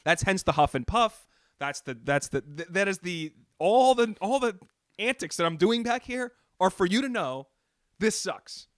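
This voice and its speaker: A man's voice: high voice, lively intonation, a bit bright, no echo, clean studio sound. A man co-hosting a casual podcast, joking in an exasperated way. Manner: fast-talking, exasperated and joking. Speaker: podcast co-host. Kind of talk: casual chat.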